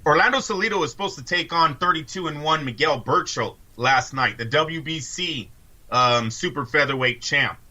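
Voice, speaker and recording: A man's voice: a little high, normal speed, pushed and bright, poor audio. A man co-hosting a casual sports talk show, talking boxing in an emphatic way. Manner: emphatic, addresses co-host by name. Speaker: podcast co-host.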